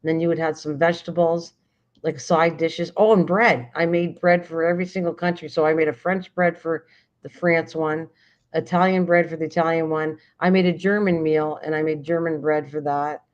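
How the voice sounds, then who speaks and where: A woman's voice: deep voice, fairly even intonation, moderate pace. An older woman hosting a casual late-night chat, rambling and often restarting sentences while she searches for words. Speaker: livestream host. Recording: dull lo-fi stream audio.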